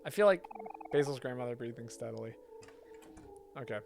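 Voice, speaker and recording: A woman's voice: rumbling low, expressive, fairly quick, gravelly, darkish tone, slight background noise. A woman streamer giving casual let's-play commentary with chatty, self-mocking asides.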